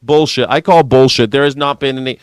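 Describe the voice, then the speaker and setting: A man hosting a news reaction show, ranting with sarcastic, profane commentary and yelling at times. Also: medium pitch, clean tone, no room sound. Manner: sarcastic, profane, fast-shifting rant; yells at times.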